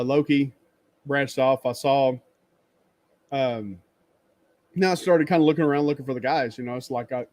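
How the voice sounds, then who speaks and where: Male livestream host, mid pitch, rambling storyteller who laughs a lot and acts out greetings, webcam sound. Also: darkish tone, no room sound. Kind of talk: casual chat. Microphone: webcam stream setup.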